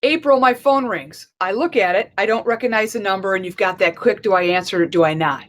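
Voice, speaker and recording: A woman's voice: mid-range voice, a little fast. A middle-aged woman, a life and leadership coach, gives a conversational conference talk and tells a story, acting out the dialogue as she goes. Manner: conversational and animated, acts out dialogue in stories.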